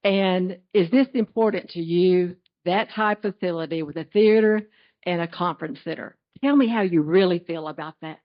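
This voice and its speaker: An older woman with a lowish voice asks a question from the audience at a public forum. She talks in a gracious, chatty way. The sound is dull and lo-fi. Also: normal speed. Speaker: audience member asking a question. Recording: dull lo-fi audio.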